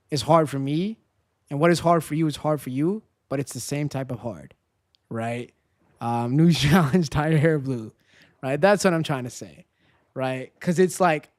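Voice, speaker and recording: A man's voice: fairly high pitch, no room sound. A man streaming a game and chatting casually with viewers, rambling and candid, swearing now and then and tagging nearly every sentence with "right?". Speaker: gaming livestreamer. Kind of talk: casual livestream chat with viewers.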